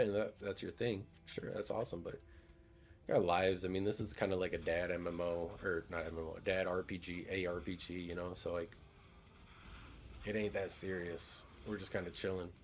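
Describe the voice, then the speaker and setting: Laid-back, low-voiced male game streamer. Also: level tone, a little fast. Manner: laid-back, joking, profane. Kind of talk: casual gameplay commentary.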